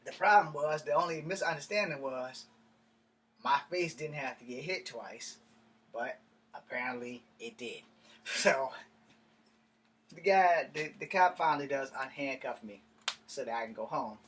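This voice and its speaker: A man's voice: mid-range voice, a little slow, long pauses, fairly bright tone, slightly rough. A man telling a story in a casual vlog rant, blunt and heavy on profanity. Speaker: vlogger. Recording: distant mic with faint ambient noise.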